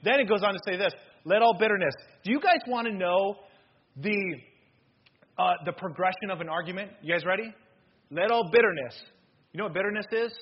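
Pastor, male, high voice with a husky edge, animated sermon delivery from loud to hushed, dull lo-fi church recording. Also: brisk. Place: church sanctuary.

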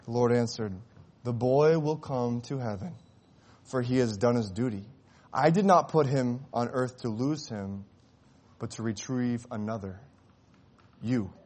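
A man's voice: mid-range voice, a little slow. Impassioned male preacher. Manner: swells to impassioned shouting at climaxes, drops to hushed tones. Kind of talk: sermon with dramatic storytelling.

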